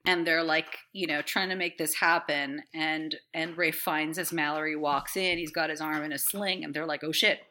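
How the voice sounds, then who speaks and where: Bright-voiced woman rambling enthusiastically. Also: deep voice, steady tone, moderate pace, hardly any pauses. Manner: rambling, enthusiastic, swears freely, laughs often. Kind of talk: casual chat.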